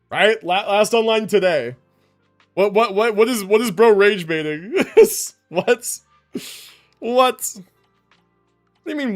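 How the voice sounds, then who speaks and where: A young man's voice sits high and swings widely as he streams a game in casual, hype commentary. He laughs easily and swears freely. Faint game music plays underneath. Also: a bit bright.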